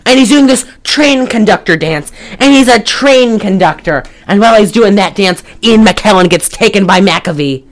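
With a medium-pitched voice at a moderate pace and few pauses, a podcast host riffs casually on a movie, joking, swearing, and breaking into laughs. The recording is rough.

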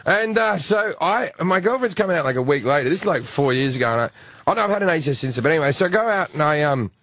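A man with a fairly high voice appears as a comedian guest, trading casual podcast banter and telling crude, animated stories punctuated by laughter. He talks fast. The audio is studio quality, with no echo.

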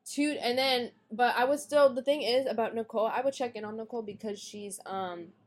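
A young woman with a slightly high voice tells a story in casual podcast chat. She is blunt and swears freely, animated as she replays arguments. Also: fairly quick. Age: young adult. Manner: blunt, profane, animated retelling of a fight. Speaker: podcast guest.

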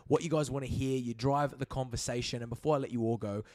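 A man's voice: medium pitch, fairly even intonation, a little mellow, no echo, studio quality. A man hosting a football podcast in casual, upbeat banter. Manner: upbeat, fast-talking, banter. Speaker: podcast host. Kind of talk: casual chat.

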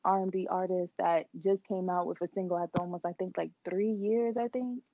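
A woman's voice: on the low side, a little fast, no room sound, phone-quality sound. A young woman in casual chat among friends, talking animatedly and humming tunes. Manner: animated, hums melodies, drops to a whisper for gossip.

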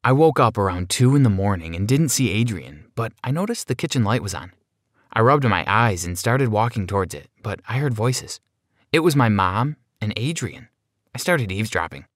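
Guy reading a personal story, kinda low voice, steady and plain, dry close mic. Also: moderate pace, dry recording. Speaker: narrator. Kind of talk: first-person story narration.

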